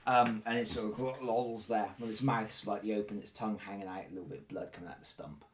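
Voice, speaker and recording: A man narrating as dungeon master, describing the scene in a lively way and asking players for rolls. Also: on the low side, quick pace, slight background noise. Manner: lively, laughing storyteller. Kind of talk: narrating a tabletop game.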